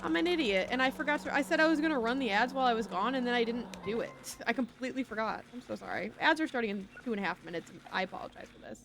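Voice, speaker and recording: A woman's voice: fairly high pitch, lively intonation, racing, hardly any pauses. A woman streaming a video game, chatting casually in a rambling way and apologizing often, with faint music behind her. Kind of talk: casual gameplay commentary.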